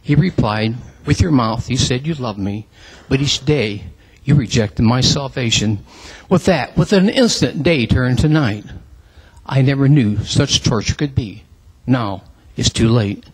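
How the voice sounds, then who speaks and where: Husky man reciting a pleading poem. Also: medium pitch, expressive, a little slow, a little mellow. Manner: emotional, pleading, rising to cries. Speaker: poem reader in church.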